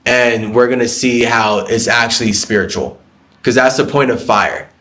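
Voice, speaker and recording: A man with a voice of ordinary, middle pitch holds forth on a spiritual live stream. He is blunt and profane, rambling from one idea to the next, answering viewer comments and often breaking into laughs. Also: normal speed, bright, forceful tone.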